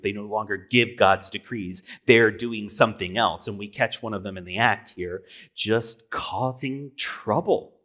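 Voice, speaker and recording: A man delivers a sermon from the pulpit in a relaxed, conversational way. His voice sits a little low, and he keeps asking rhetorical questions and correcting himself mid-sentence. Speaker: pastor.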